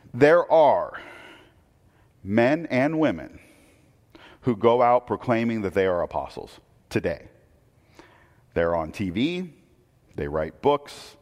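Man preaching in an echoing hall. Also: mid-range voice. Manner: conversational, asks the audience rhetorical questions, frequent restarts. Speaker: pastor. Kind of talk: sermon. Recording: long reverb of a hall.

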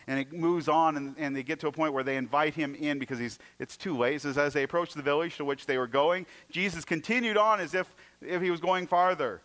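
A man preaching a sermon, retelling stories with acted-out voices and moving between emphatic passages and hushed ones. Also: a little high. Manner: storytelling, acting out scenes in varied voices; swings from loud and emphatic to hushed. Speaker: pastor.

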